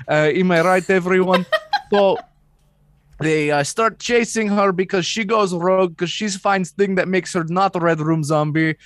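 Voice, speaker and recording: A man from Maine talks through a film's plot in a loose, jokey way, stumbling over fillers as he goes. His pitch is fairly high and swings all over the place. The sound is dry and close. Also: fairly bright tone, dry recording. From Maine, United States. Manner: jokey, halting with many fillers. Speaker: podcast co-host. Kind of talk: casual chat, rambling plot summary.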